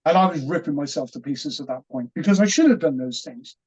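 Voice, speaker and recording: A middle-aged man, earnest and halting, telling a personal story as an interview guest with many restarts. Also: a little high, expressive, a little mellow, breathy edge. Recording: dull, muffled audio.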